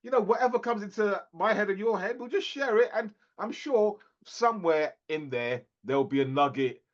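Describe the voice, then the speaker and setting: A man's voice: sits high, animated, normal speed, dull audio. A man co-hosting a podcast in casual chat, laughing often and restarting his sentences. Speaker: podcast co-host.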